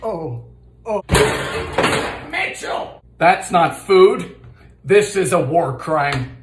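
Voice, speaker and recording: A man cooking in his home kitchen, trading dry sarcastic quips with sudden shouted outbursts. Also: fairly high pitch, expressive, slow, echoey room, noisy background. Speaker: comedy cooking host. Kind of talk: quick comic cooking commentary.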